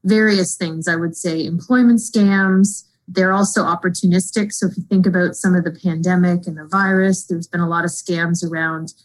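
A woman being interviewed as a fraud expert, speaking in an informative, steady way. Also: on the low side, normal speed, hardly any pauses, rough recording. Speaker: guest, fraud executive.

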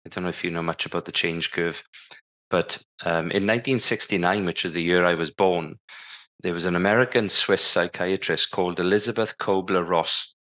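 His voice is low and a bit bright, with fairly even intonation and normal speed. The man, in his fifties and a former Paralympic cycling champion, guests on a podcast, telling his story vividly and playing out remembered conversations.

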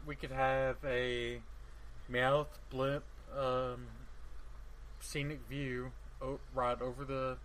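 Bright-voiced joking podcast co-host. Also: male voice, mid-range voice, flat delivery, slow, slight background noise, poor audio. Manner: enthusiastic, joking. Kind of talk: casual podcast chat.

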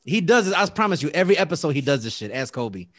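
A man's voice: on the high side, very animated, quick pace, fairly bright tone, dry recording, studio quality. A man from the Bronx hosting a podcast, chatting in emphatic, profane banter and repeating his points. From New York, the Bronx. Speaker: podcast host. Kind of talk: casual chat.

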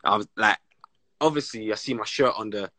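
A man with a London accent and a fairly low voice tells football stories as an interview guest, speaking fairly quickly with no echo. His chat is casual, slang-heavy, rambling and animated, with many restarts.

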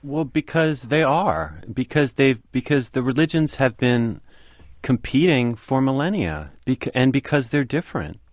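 A man's voice: medium pitch, big pitch swings, unhurried, no room sound. Man, author guest, earnest, emphatic, argumentative, dry studio sound. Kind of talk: radio interview discussion.

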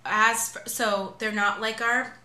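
An American woman in her thirties co-hosting a podcast, animated and playful, with quick exclamations. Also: fairly high pitch. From United States. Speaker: podcast co-host. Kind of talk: casual chat. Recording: echoey room.

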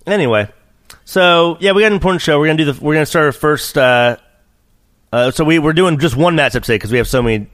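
A man's voice: on the high side, quick pace, a bit bright, no echo, studio quality. A man hosting a casual podcast, rambling through stories with lots of fillers and swearing while he bickers with his co-host. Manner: rambling, profane, trails off with fillers.

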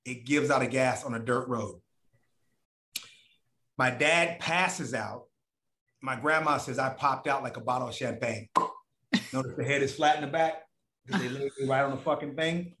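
A man's voice: mid-range voice, normal speed, pauses often, sharp tone, reverberant. A man as a podcast guest, telling a long story in a casual, profane way and acting out other people's voices.

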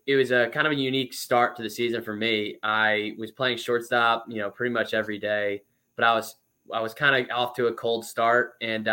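A man in his twenties, a former pro baseball player, telling stories as a guest in a casual interview, chatty and lively with lots of fillers. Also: lowish voice, smooth.

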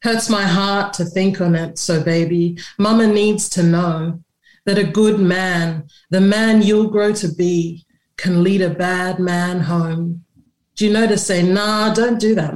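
A woman poet reads her own verse aloud in a rhythmic, spoken-word way. Her voice sits low, and the room adds a noticeable echo around it. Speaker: poet and author, guest. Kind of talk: poetry reading. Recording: echoey room sound.

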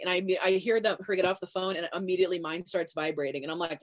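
A young adult woman chatting casually as a guest, full of fillers and quick laughs. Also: on the low side. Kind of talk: casual chat.

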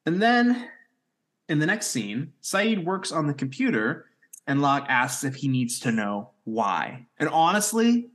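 A man co-hosting a casual podcast, recapping plot points in a quick storytelling way. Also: on the high side, big pitch swings, fairly bright tone. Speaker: podcast co-host recapping episodes. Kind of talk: casual chat.

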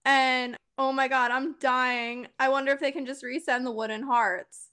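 Young woman co-host, high voice, casual chat, breaks into giggles. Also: steady tone, moderate pace, fairly bright tone. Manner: giggly, laughs through her story. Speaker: podcast co-host.

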